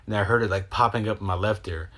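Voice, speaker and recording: Brief: young man, lowish voice, loose rambling monologue, swears a lot, jumps between thoughts. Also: fast. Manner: animated, acts out his own reactions. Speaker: podcast host. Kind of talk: casual storytelling.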